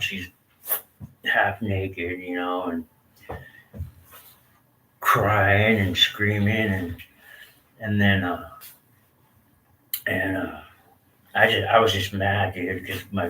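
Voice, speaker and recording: Low-ish guy from socal just rambling casually, slangy, kinda far from the mic, echoey. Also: flat delivery, takes it slowly, long pauses, bright, forceful tone, a little hiss or hum. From Southern California. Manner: laid-back, slangy, rambling. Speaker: storyteller sharing his life. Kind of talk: casual personal storytelling. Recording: roomy off-mic sound with faint ambience.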